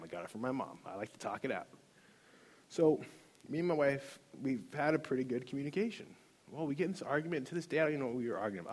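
Husky man giving earnest testimony. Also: medium pitch. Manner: earnest, emotional storytelling with many restarts. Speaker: workshop leader. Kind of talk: personal testimony.

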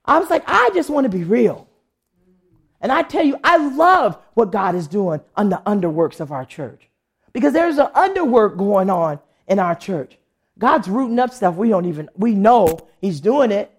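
A woman's voice: medium pitch, sing-song, normal speed, husky. A woman pastor preaching a sermon, telling a testimony and acting out the voices of people she quotes. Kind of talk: sermon with storytelling.

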